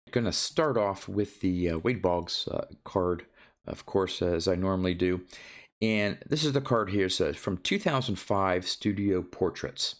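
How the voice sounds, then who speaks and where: A man's voice: deep voice, measured pace. A man vlogging about his card collecting in a casual, rambling way, with many ums and restarts.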